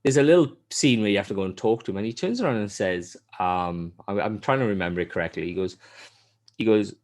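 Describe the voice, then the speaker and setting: A man hosting a podcast, telling a game's story in casual chat, swearing often and mimicking characters. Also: fast talker. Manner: animated storytelling, heavy swearing; acts out character lines in a high voice. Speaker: podcast host.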